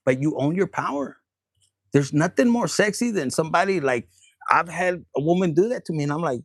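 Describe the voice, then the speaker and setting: Man, tarot reader, slightly high voice, blunt and crude, playful, dry close sound. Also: expressive, normal speed, no echo. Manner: blunt, crude, playful, acts out quoted lines. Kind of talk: casual collective tarot reading.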